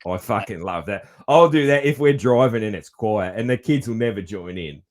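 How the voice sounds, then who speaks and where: A man's voice: fairly low pitch, fairly quick. A middle-aged Australian man hosting a podcast, chatting casually and swearing freely. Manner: laid-back, swears often, says man a lot. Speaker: podcast host. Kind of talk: casual chat.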